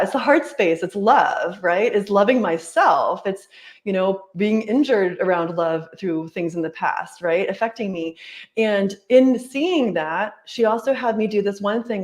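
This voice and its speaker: A woman's voice: mid-range voice, a little mellow. Chatty woman life coach, earnest. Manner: earnest, chatty, peppers speech with "like" and "right?". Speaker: life coach and yoga teacher. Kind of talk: casual interview storytelling.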